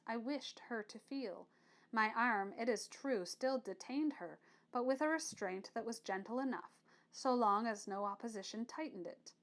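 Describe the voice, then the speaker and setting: A woman with a fairly high voice reads a classic novel in the first person. Her pacing is measured and her storytelling expressive. The delivery is that of an audiobook narrator.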